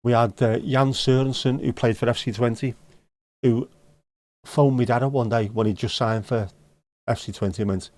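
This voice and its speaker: A man with a Scouse accent chats to his livestream viewers, answering their comments in blunt, sweary banter laced with dry jokes. His voice sits at an ordinary middle pitch, recorded close and dry with no room sound. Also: fairly even intonation, moderate pace, darkish tone, dry recording. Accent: Liverpool (Scouse). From Liverpool, England. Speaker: livestream host. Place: home livestream setup.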